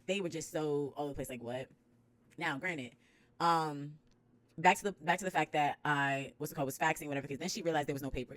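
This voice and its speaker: Fast-talking young woman from New York. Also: low voice, no echo. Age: young adult. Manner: animated, slangy testimony with bursts of loud praise. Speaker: vlogger. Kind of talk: casual storytelling to camera.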